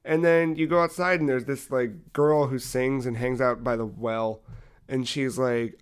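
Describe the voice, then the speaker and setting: A young man co-hosting a casual podcast, retelling a video game story with lively acted-out dialogue and frequent swearing. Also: mid-range voice, measured pace, clean tone. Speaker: podcast co-host.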